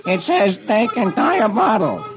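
A man's voice: high-pitched, huge pitch swings, a little slow, full character voice. A man voicing a hapless young army private in a comic read on old radio, talking in a hesitant, put-upon way. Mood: plain. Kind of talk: 1950s radio comic reading. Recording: dull old radio broadcast with crowd noise.

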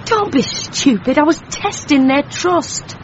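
A woman's voice: high voice, expressive, a little slow, slight background noise. A woman playing a sulky, self-pitying young woman who is secretly a vampire, on a dull lo-fi recording. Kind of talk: radio comedy acting.

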